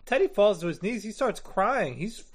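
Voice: medium pitch, big pitch swings, normal speed, husky. A game master casually narrating a tabletop game, laughing and swearing freely.

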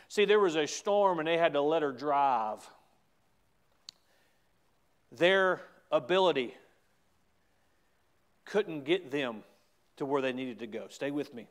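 A middle-aged man with a Southern US accent, preaching a sermon as pastor, swinging from hushed asides to loud, emphatic exclamations. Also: on the high side, sing-song, measured pace, long pauses.

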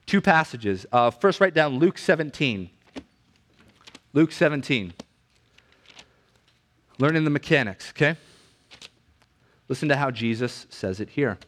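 A married man preaching a sermon in a relaxed, conversational way, building intensity on his main points. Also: mid-range voice, measured pace, long pauses. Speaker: pastor.

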